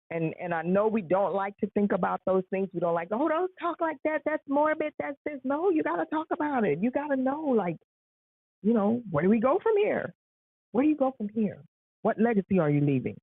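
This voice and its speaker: A woman's voice: on the low side, slightly rough, no echo. A woman hosting a live stream, giving an earnest motivational talk and repeating rhetorical questions. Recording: tinny phone-like sound.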